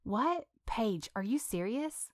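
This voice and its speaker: A woman voicing an excitable, caring young woman friend who talks emphatically, in a storybook reading. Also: a little high, takes it slowly, no echo, studio quality.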